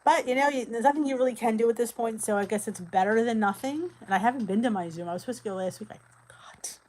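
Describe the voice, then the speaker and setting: A middle-aged woman from New Jersey hosting a casual live-stream chat, chatty and quick to laugh as she answers viewer comments. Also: on the high side, darkish tone, low-quality recording. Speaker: weight loss channel host.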